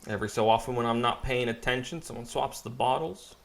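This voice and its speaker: A man commenting casually on a game he plays, wry and musing. His voice sits at an everyday middle pitch, and his thoughts often trail off. Faint game music plays in the background. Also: a little fast, creaky. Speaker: let's play gamer.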